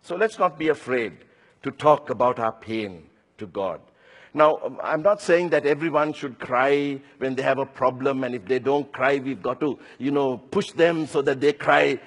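A man's voice: mid-range voice, moderate pace, long reverb tail. A man in his sixties preaching a sermon, earnest and personal, telling his own story between scripture quotes. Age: 60s.

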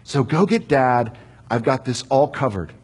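A man's voice: medium pitch, lively intonation, unhurried, darkish tone, husky. A man as Joseph, a forgiving ruler. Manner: commanding then reassuring.

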